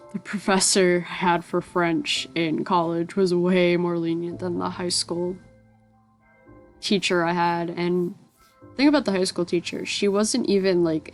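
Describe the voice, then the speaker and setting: Young woman, from the US, slightly low voice, casual voice-over, rambling, self-correcting. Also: level tone, a little slow, soft background music. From United States. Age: young adult. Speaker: gaming channel host. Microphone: voice-over recorded separately from the game footage.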